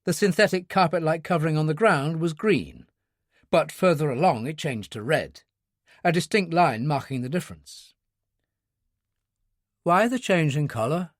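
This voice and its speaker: A man narrating a thriller audiobook in a measured, descriptive reading. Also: fairly high pitch, dry recording, studio quality. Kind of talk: scripted narration.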